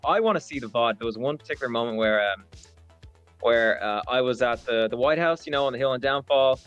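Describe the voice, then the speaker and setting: A man giving a casual post-match interview as the winning player, telling plays with excitement. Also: medium pitch, brisk, clear, resonant tone, dull audio, faint music behind. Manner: excited, breathless storytelling.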